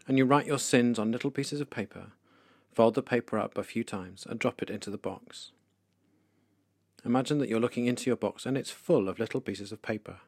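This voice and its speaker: A man leading a guided meditation for listeners, speaking slowly, calmly and softly with pauses. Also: on the low side, gravelly, no room sound, clean studio sound. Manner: slow, calm, soft-spoken with pauses. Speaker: devotional leader.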